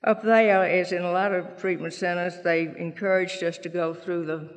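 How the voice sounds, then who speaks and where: A woman with a Southern drawl tells her own story before a meeting in a relaxed, folksy way. She slips into the voices of the people she quotes. Her words ring back from a large hall with a long echo. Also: lowish voice, moderate pace. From Mississippi, US. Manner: folksy storytelling, acting out others' lines. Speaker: speaker sharing her recovery story. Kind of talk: personal testimony at a meeting.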